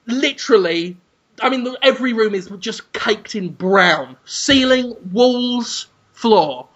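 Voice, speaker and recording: A man hosting a podcast, crude and rambling in deadpan comedic storytelling. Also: high voice, slow pace, dull audio. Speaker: podcast host.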